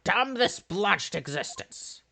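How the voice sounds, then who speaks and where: A man voicing a weary, theatrical male detective in a low, breathy half-whisper. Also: very animated, moderate pace, fairly bright tone, slight background noise. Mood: despairing.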